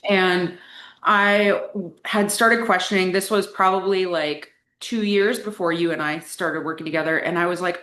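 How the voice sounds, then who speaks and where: A young adult woman who is a coaching client shares her personal story in a casual interview, speaking openly and chattily with frequent "like" fillers. Her voice sits on the low side, slightly bright, at a normal speed, and the room she's recorded in is echoey.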